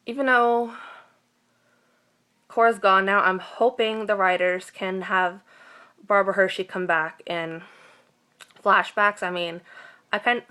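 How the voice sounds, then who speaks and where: A woman with a sharp, mid-range voice gives a casual vlog recap of a TV episode. She's emotional and gushing, with lots of fillers and restarts.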